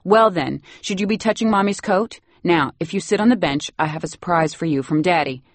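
A woman voicing a cool, proper wealthy mother who talks briskly and politely. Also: fairly low pitch, dry recording. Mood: prim.

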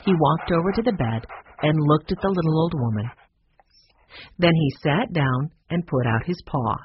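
An audiobook narrator giving a lively, expressive reading of a children's story on a dull lo-fi recording. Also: medium pitch, normal speed, slight background noise.

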